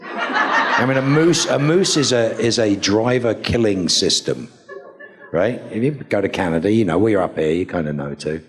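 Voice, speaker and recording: A middle-aged man on a convention panel, telling anecdotes to a live audience in a playful, animated way. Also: moderate pace. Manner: animated, playful, acts out quotes with big pitch jumps.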